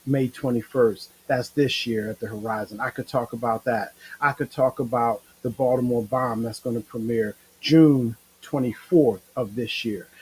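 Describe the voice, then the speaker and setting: A middle-aged man hosting his own livestream show, talking in a rambling, emotional, animated way. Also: medium pitch, breathy edge, poor audio. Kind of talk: casual livestream monologue.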